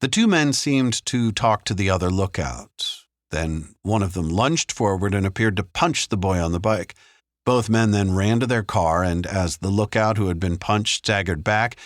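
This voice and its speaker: A man narrating a thriller audiobook in a measured, even storytelling manner. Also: on the low side, no echo. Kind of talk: scripted narration. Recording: dry close studio sound.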